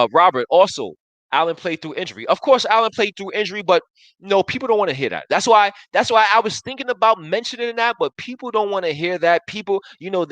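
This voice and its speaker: A man in his thirties from the Buffalo area of the US hosts a live sports talk show, arguing emphatically and restarting sentences as he reads viewer comments. His high voice has a fairly bright tone, and the audio is poor though echo-free.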